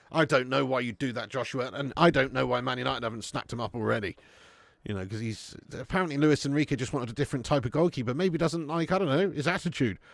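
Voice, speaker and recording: Lad doing a footy watch-along live, slightly high voice, dry close sound, lots of swearing. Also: male voice, no room sound. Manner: sweary banter, bursts into shouting commentary on goals. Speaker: football watch-along host.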